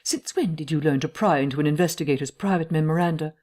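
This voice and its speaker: A woman's voice: low-pitched, quick pace, a little mellow. A woman voicing a cold, threatening invisible man in an audiobook. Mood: menacing.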